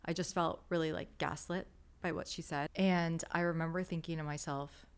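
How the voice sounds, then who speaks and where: Low creaky-voiced woman telling her story. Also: steady tone, normal speed. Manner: candid, emotional, many fillers like "like" and "you know". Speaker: podcast guest. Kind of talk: candid storytelling interview.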